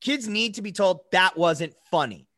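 Young guy podcast cohost, high bright voice, swears a lot, dry close sound. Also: normal speed, dry recording. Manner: profane, animated rants with frequent laughs. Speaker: podcast co-host. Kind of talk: casual chat.

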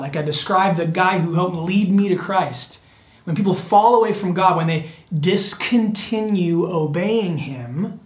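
A preacher giving a sermon in an earnest, repetitive way, often calling the listeners friends and sometimes dropping to a hushed near-whisper for emphasis. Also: medium pitch. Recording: echoey room.

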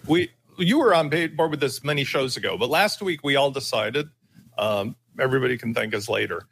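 A man on a tech talk panel making an emphatic case through a story, theatrical and building to loud points. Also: mid-range voice, very animated, a little fast, vocal fry, husky. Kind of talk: animated opinion talk with storytelling.

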